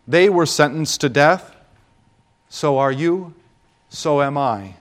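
A man preaching a Good Friday homily with solemn, deliberate delivery and dramatic pauses. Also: a little high.

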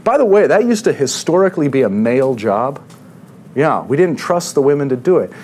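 Male pastor, sermon, conversational, mid pitch, faint hiss behind. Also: sing-song, fairly quick, darkish tone. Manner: conversational, asks the congregation questions.

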